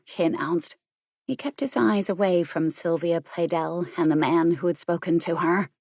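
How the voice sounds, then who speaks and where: A woman narrating an audiobook in a measured, even way. Her voice sits on the low side, and the recording is dry and close with no room sound. She reads at a steady, unhurried pace. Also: slightly rough, no echo.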